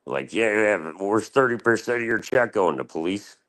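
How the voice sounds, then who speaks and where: A man's voice: on the low side, animated, normal speed, fairly bright tone. A man from Florida casually telling crude, profane stories on a livestream panel, jumping into a raised voice to act out what others said. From Florida, USA. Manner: crude, heavily profane, acts out quotes in a raised voice. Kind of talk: casual storytelling.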